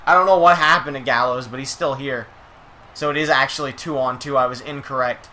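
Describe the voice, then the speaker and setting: A man's voice: medium pitch, steady tone, brisk, sharp tone, slight background noise. A young man streaming a game, giving casual play-by-play commentary with chatty, self-correcting, playful asides.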